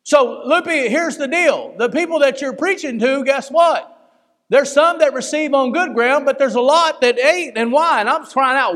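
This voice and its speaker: High-voiced fervent preacher in a hall. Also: male voice, moderate pace. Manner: fervent, emotional, swings from loud to hushed. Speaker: pastor. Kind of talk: sermon. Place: church.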